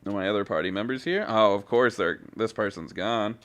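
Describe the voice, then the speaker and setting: A man's voice: on the low side, fairly quick, a bit bright. A man giving casual, joking commentary while he plays a video game, laughing often and reading the game's dialogue aloud. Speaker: gaming streamer. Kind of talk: casual let's-play commentary.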